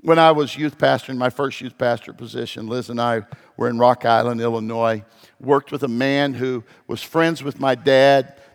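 Gravelly preacher in a reverberant hall. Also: male voice, medium pitch, fairly even intonation, moderate pace. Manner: storytelling preacher, swings from hushed to loud and emphatic. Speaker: pastor. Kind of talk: sermon.

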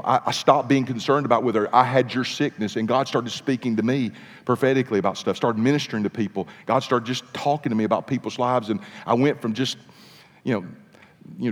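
A man preaching, telling a story with animated, dramatic pacing in a sermon. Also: medium pitch. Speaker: pastor. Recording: long reverb of a large hall.

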